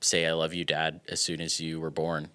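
Low, bright-voiced young man musing. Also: completely flat delivery. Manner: reflective, halting, many fillers. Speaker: podcast guest. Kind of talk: casual conversation.

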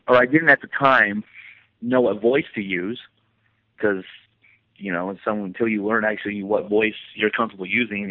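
A man's voice: on the low side, no echo. A man talking about his music in a casual phone interview, defensive and swearing freely. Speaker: musician guest. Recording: tinny phone line, dry.

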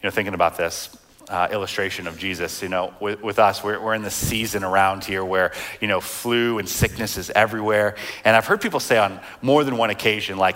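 A man in his thirties delivers a sermon as a pastor, his voice sitting a little low. He talks easily and conversationally, breaking off into fillers and restarts, then reads scripture more slowly. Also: steady tone, fairly bright tone.

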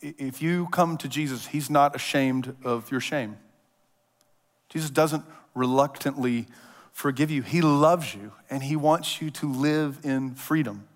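A man preaching a sermon in a casual, animated storytelling manner, acting out voices as he tells the story. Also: mid-range voice, unhurried. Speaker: pastor. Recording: long hall reverb.

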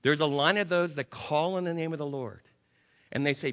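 A pastor delivering an impassioned sermon, swinging between loud urging and hushed, slow emphasis. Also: male voice, fairly high pitch. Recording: long reverb of a large hall.

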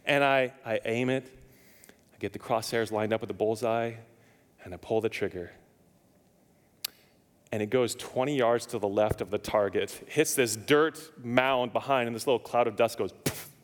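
A male pastor delivers a sermon in a church, with a long reverb trailing his voice. He speaks at a middle pitch, tells stories with humor and acts out both sides of a conversation. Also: normal speed. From lived in Nevada, now Indiana. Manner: storytelling, acts out dialogue, jokes with congregation.

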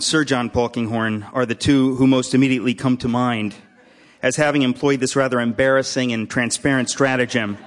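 A man hosting a live event, introducing the evening's speaker with dry, deadpan jokes and asides. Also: mid-range voice. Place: hall with a live audience.

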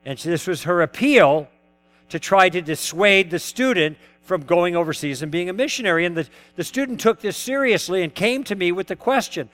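A man's voice: high voice, expressive, moderate pace, fairly bright tone. A man giving a lecture, telling stories of past conversations and putting questions to his audience. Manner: acts out both sides of past dialogues, poses questions to the audience. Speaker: lecturer teaching conversation tactics. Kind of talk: lecture told through personal anecdotes.

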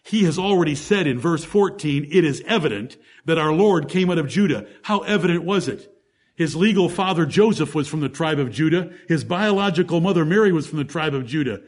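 A man's voice: a little high, lively intonation, fairly quick. A man preaching a sermon, teaching through Bible verses one by one in an emphatic way and asking the congregation rhetorical questions.

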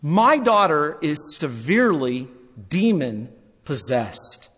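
A man's voice: a little high, very animated, slow, a bit bright, husky, big-room sound, full character voice. A man voicing a desperate mother who cries out and begs for help. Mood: pleading. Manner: crying out, pleading.

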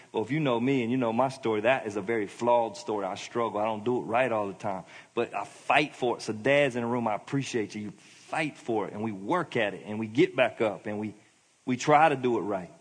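Preaching in a conversational, emphatic way, this middle-aged pastor has a fairly low, slightly rough voice and talks a little fast. The church hall setting gives the sermon a long reverb.

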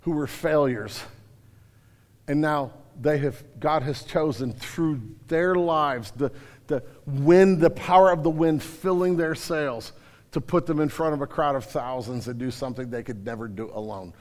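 A man's voice: on the high side, unhurried, big-room sound. A man preaching a sermon as pastor, talking in a colloquial, emphatic way with slangy retellings.

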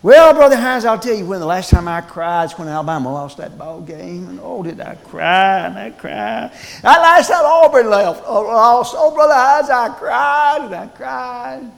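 A man's voice: high voice, lively intonation, moderate pace, creaky, big-room sound. A man putting on a whiny, self-pitying adult churchgoer who cries over trivial things, in exaggerated mock-tearful tones.

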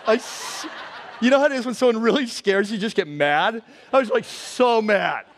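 A pastor with a fairly high voice delivers a sermon, telling the story with animated energy and frequent laughter. His voice carries a long reverb, as if it is filling a large hall. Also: moderate pace.

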